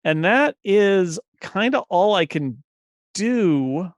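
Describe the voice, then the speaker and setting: A man playing a tabletop game, his voice slightly high and dry on a close mic. He talks in wry, quick asides. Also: lively intonation, dry recording. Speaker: player.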